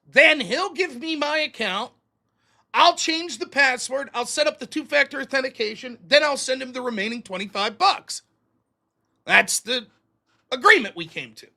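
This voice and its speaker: A man hosting a live stream, telling a story in a casual, animated, profane and self-mocking way. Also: very high voice, normal speed, creaky. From United States. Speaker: streaming show host.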